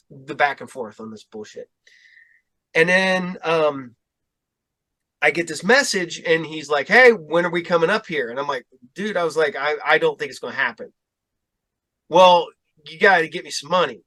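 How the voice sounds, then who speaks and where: A middle-aged man hosts a podcast in a slightly high, sharp-toned voice. He chats casually, meandering through an anecdote and quoting himself and others along the way.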